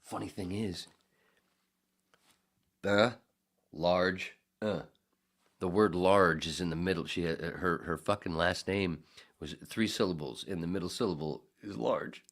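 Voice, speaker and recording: A man's voice: low-pitched, a little slow, pauses often. A man hosting a casual podcast, reading out chat comments and rambling through crude, profane jokes. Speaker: podcast host.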